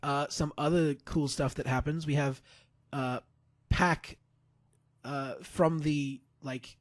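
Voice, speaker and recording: A man's voice: on the high side, fairly even intonation, takes it slowly, no room sound. Man giving a rambling wrestling recap. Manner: rambling play-by-play with fillers and restarts. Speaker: podcast co-host. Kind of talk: casual wrestling recap chat.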